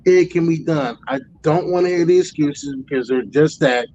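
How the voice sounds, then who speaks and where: A man in his forties, a truck driver guest, telling road stories in a profane, animated casual way. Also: fairly high pitch, moderate pace, highs cut off, slight background noise. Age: 40s. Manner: profane, animated storytelling with loud acted outbursts. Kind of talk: casual storytelling chat.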